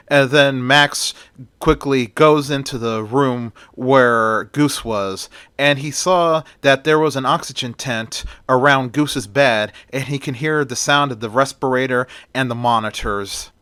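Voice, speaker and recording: A man narrates his own fan story in a plainspoken, run-on way, joining events with "and then." His voice is bright. The recording is dry and close. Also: medium pitch, a little slow, clear, resonant tone, dry recording.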